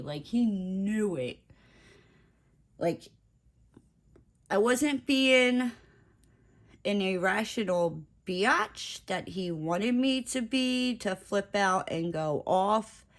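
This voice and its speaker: Slow-talking blunt woman vlogger. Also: mid-range voice. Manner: blunt, profane storytelling with lots of "like". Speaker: crafting vlogger. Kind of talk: casual chat while crafting.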